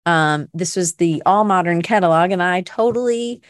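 A woman's voice: fairly low pitch, normal speed, dry recording, studio quality. A middle-aged woman from Canada hosting a casual online art class, chatty and rambling, full of fillers and restarts. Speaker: art workshop host.

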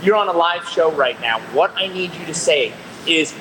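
A man's voice: on the high side, lively intonation, moderate pace, noisy background. A man hosting a street segment, coaxing and directing a stranger in a pushy, upbeat way. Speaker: podcast co-host doing a street segment.

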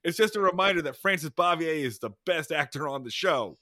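A man co-hosting a podcast, talking in a casual, animated way and swearing freely. His voice sits a little high and sounds bright and forceful. It swings widely in pitch, and the recording is dry and close. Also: fairly quick, no echo. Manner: animated, swearing, recapping scenes. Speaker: podcast co-host. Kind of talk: casual chat.

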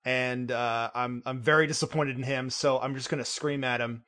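A man's voice: mid-range voice, fairly even intonation, moderate pace, sharp tone. A man playing a tabletop game, laughing and acting out his character's lines. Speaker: player. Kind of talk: tabletop role-play.

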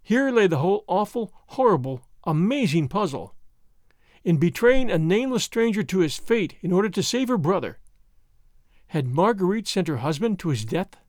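A man's voice: sits high, big pitch swings, normal speed, no echo, clean studio sound. A man narrating a storybook in a dramatic, theatrical reading. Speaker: audiobook narrator.

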